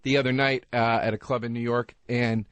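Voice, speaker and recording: A man's voice: mid-range voice, level tone, a little fast, a bit bright, clean tone, no room sound. A man co-hosting a comedy talk show, telling profane stories and laughing often. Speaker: comedian co-host. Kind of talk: casual comedy chat.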